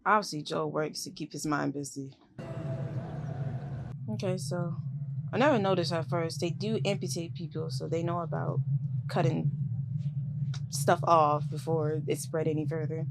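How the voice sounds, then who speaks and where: A woman's voice: deep voice, fairly even intonation, moderate pace, vocal fry, long pauses, loud music behind the voice. A woman hosting a reaction video, talking in an emotional, slangy way. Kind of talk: casual reaction commentary.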